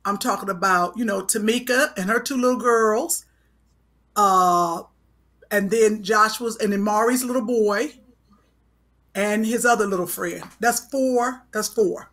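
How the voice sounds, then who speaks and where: A woman's voice: medium pitch, unhurried, fairly bright tone. A middle-aged woman co-hosting a comedy podcast, teasing her partner and rambling through plans in casual chat. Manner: teasing, talkative, rambling planning. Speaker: podcast co-host.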